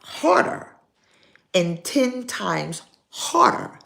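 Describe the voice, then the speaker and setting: An older woman pastor delivers a live sermon at an unhurried pace. Her voice sits low and has a gravelly edge, and her pitch swings widely as she acts out stories and lands her points with pauses. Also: very animated. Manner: slow, preaching with dramatic pauses and acted-out stories.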